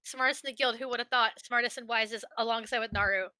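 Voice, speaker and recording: A woman running a tabletop game as dungeon master, narrating quickly and laughing easily. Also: fairly high pitch, steady tone, pushed and bright, no room sound.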